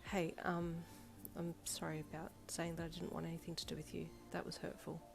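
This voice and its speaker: A woman's voice: medium pitch, lively intonation, over music, natural voice. A woman reading aloud voices a blunt, slangy teenage schoolgirl who snaps easily. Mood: apologetic. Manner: slangy and blunt, quick to snap. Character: blunt, foul-mouthed teenage schoolgirl delinquent.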